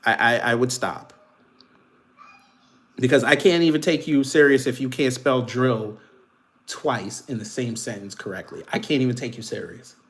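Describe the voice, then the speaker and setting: Laughing while he trash-talks and mocks commenters, a livestream host delivers casual political commentary in African American Vernacular English. His voice is medium-pitched, at a moderate pace.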